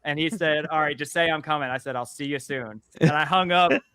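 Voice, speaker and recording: A man's voice: fairly high pitch, brisk. Chatty man acting out a story. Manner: lively, profane, acts out quotes. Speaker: comic creator and co-host. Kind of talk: casual storytelling chat.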